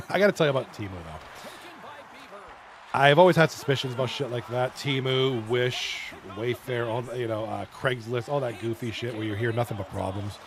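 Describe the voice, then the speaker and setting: Chatty man calling esports hockey. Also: mid-range voice. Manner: loose, chatty, swears, clears throat often. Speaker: league stream commentator. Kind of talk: casual esports commentary reading chat.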